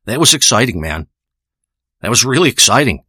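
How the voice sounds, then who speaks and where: Crude rambling man with a sharp voice. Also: mid-range voice, big pitch swings, a little fast, husky, no echo, clean studio sound. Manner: profane, rambling, boastful, repeats himself. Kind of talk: rambling crude spoken monologue. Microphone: close studio microphone.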